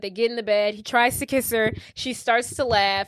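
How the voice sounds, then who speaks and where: A young woman with a fairly high voice chats casually on a podcast. She retells a movie scene by scene and voices each character's lines as she goes. The recording is dry and close. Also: moderate pace, no room sound. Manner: animated storyteller acting out characters' lines. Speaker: podcast co-host.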